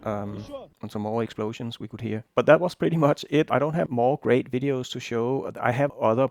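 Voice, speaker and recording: A man's voice: medium pitch, creaky, darkish tone, no room sound. A man vlogging opinionated news commentary in an earnest, insistent way.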